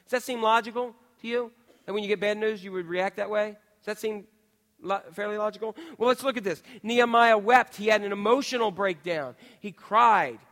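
High-voiced male preacher in a reverberant hall. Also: brisk. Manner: peppers the audience with rhetorical questions; swings between quiet asides and loud outbursts. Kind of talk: sermon. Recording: long reverb of a large hall.

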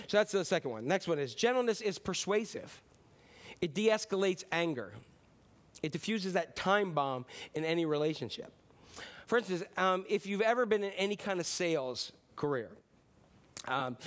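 A man in his fifties preaching a sermon in a conversational, joking way, slipping into quick impressions. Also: fairly high pitch. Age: 50s. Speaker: pastor.

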